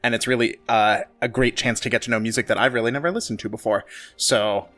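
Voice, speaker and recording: A man co-hosts an opera podcast and gives a brisk recommendation. His voice is bright and tense, at a medium pitch. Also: fairly even intonation, soft background music. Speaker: podcast co-host. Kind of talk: casual podcast chat.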